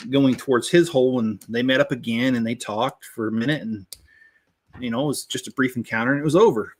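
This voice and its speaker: A man hosting his own channel, chatting casually and telling rambling jokes full of fillers while he builds a toy set and greets viewers by name. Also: mid-range voice. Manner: rambling, joking storyteller with many fillers.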